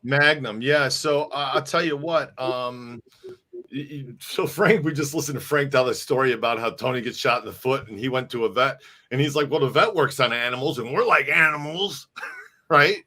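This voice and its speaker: This middle-aged man, co-hosting a casual live stream, has a mid-range voice with a sharp tone and a normal speed. He rambles and frequently starts sentences over, repeating words.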